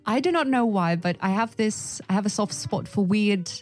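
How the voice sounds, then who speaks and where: A woman's voice: medium pitch, moderate pace, darkish tone, soft background music. Playful woman. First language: Russian. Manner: playful, teasing. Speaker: podcast co-host. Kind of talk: casual podcast chat.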